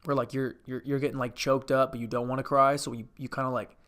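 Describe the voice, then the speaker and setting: A man's voice: medium pitch, level tone, fast, fairly bright tone. A man hosting a comedic movie review, rambling, interrupting himself and swearing casually. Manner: rambling and self-interrupting, profane. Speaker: host.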